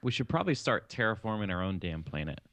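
Fast-talking wisecracking man. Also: on the low side, sing-song, a bit bright, no echo. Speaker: podcast co-host. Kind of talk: casual chat.

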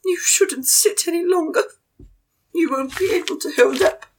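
A woman's voice: moderate pace, slight background noise. A woman putting on a posh voice for a grieving older noblewoman in a book discussion. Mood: posh, concerned. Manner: posh, high-pitched shrieking when alarmed. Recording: distant from the mic.

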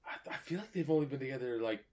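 A man's voice: mid-range voice, fast talker, darkish tone. A man co-hosting a podcast, joking and swearing casually and laughing often. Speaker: podcast co-host.

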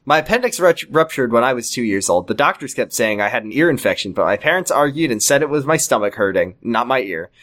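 A man's voice: medium pitch, lively intonation, quick pace, few pauses, fairly bright tone. Joking man chiming in on a podcast. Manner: jokey interjections, rambling restarts, swears. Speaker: podcast co-host. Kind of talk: casual comedic chat.

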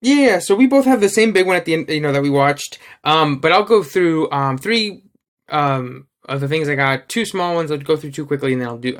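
Male podcast co-host, a touch high-pitched, loose and rambling, full of fillers and swearing. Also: a bit bright. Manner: rambling, many fillers and restarts, profane. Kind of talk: casual chat.

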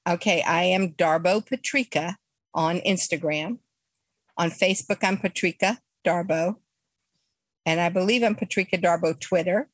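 Expressive older woman guest. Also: on the low side, normal speed, no room sound. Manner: expressive, trails off in broken phrases. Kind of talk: casual chat.

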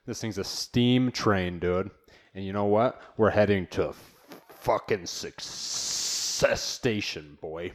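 A man talks through a solo podcast in a loose, laid-back way. He rambles with fillers and slang. His voice sits a little on the low side. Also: unhurried. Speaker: podcast host. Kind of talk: casual solo podcast chat. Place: new home studio.

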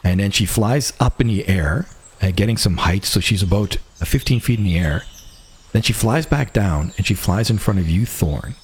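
A man with a low, husky voice runs a tabletop game as its game master. He narrates scenes in an unhurried, drawn-out way and often restarts his phrases as he goes. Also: animated, darkish tone.

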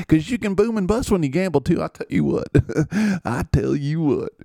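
Cheerful Southern football guy, very high-pitched, giddy, laughing, dry close sound. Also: lively intonation, vocal fry, mellow, no room sound, exaggerated voice. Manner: giddy, laughing, drawn-out "man". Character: cheerful Southern male football player, easygoing. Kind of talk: comedic character bit on a podcast.

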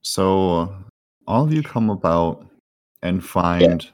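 A man narrating a tabletop game as game master, describing scenes with many fillers and pauses. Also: low-pitched, lively intonation, darkish tone.

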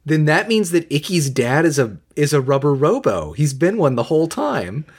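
A man co-hosting a casual podcast, recapping scenes in a hesitant, deadpan way full of filler words. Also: a little high, normal speed, breathy edge. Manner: hesitant, many ums and uhs, deadpan. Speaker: podcast co-host. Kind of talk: casual chat.

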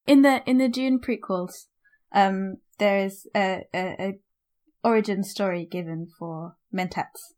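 A woman's voice: medium pitch, takes it slowly, pauses often. A woman co-hosting a podcast, chatting casually about a book and rambling with lots of fillers and asides. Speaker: podcast co-host. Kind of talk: casual book-club chat.

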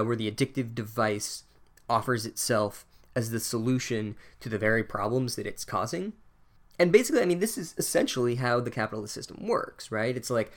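A man's voice: medium pitch, fairly bright tone. A young man giving a sarcastic, profane comedic book recap with wry asides. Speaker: podcast host reviewing a book.

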